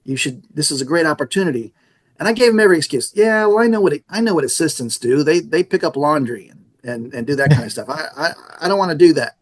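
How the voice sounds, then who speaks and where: Middle-aged man, radio manager, casual interview, lively storyteller, voices the people in his stories, slightly high pitch. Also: fast. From San Antonio area, Texas. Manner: animated storyteller acting out dialogue. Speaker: radio station manager, podcast guest.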